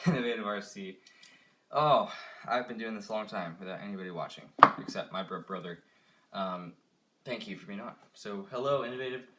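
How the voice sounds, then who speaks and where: A man's voice: fairly low pitch, moderate pace, pauses often, a bit bright. A young man chatting casually on a live stream while working with his hands, muttering and sighing in frustration. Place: home, working on a toy car.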